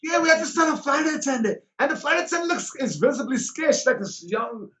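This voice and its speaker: A man's voice: very high-pitched, expressive, fast talker, a bit bright. A man who is a comedian guest, telling a story in casual chat and acting out other people's lines.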